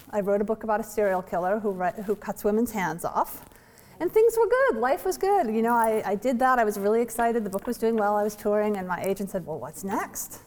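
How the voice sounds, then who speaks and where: A novelist in her forties telling the story behind her book in a chatty, animated way, with light laughs and fillers. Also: mid-range voice. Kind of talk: storytelling author talk. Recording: long hall reverb.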